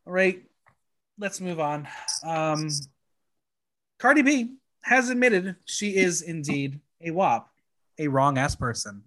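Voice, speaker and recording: A man's voice: fairly high pitch, animated, takes it slowly, pauses often, fairly bright tone. A man hosting a casual podcast chat, reading news items and adding his own asides. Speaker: host.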